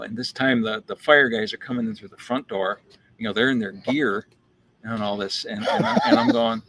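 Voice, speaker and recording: A man's voice: medium pitch, fast talker, gravelly, slight background noise. A man who roasts coffee, telling a casual story, acting out quotes and repeating words as he thinks. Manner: animated anecdote with acted-out quotes. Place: coffee shop.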